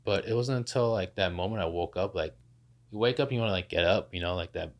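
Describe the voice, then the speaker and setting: A young man with a fairly low voice talks casually as a podcast guest. He tells his story in a loose, animated way, full of "like" and quoted lines he acts out. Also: quick pace, muffled recording.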